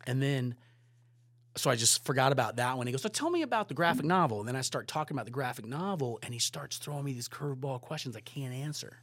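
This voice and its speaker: A man in a podcast chat tells his stories with lively energy, swearing freely and acting out what people said. His voice sits at an ordinary pitch, and the recording is dry and close, with no room sound. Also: fast talker, no room sound. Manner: animated, swears freely, acts out quotes. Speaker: podcast guest, photographer and director. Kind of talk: casual storytelling chat.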